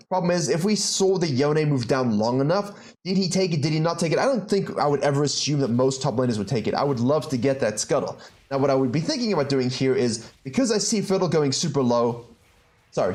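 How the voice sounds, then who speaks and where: A young man with a South African accent, coaching a video game over gameplay in an animated way, with incredulous outbursts. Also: a little high.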